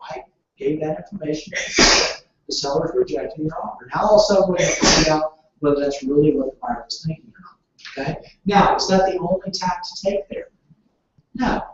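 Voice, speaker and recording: A man's voice: a little high, slight background noise. A man training real estate agents in negotiation, asking the room questions and waiting for answers. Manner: asks the room questions, then waits. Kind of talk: training session talk. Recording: echoey room, distant dull mic.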